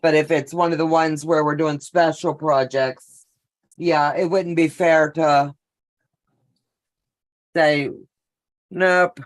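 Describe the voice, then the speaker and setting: A middle-aged woman hosts a live sewing stream, chatting casually as she works. Her voice is low and steady, and she speaks slowly with long pauses. She's a talkative, chatty storyteller who greets viewers by name.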